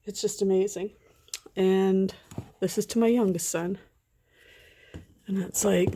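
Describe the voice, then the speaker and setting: A woman's voice: mid-range voice, fairly even intonation, normal speed, long pauses, mellow. A middle-aged woman chatting casually at home in a rambling, sentimental vlog. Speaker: vlogger. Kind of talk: casual chat.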